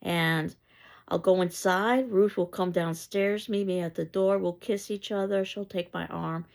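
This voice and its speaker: A father from a stage play dreams aloud to his son in a soft, hushed voice, read by a woman teacher. The tone is low and gravelly with creak. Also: fairly even intonation, a little slow. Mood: wistful.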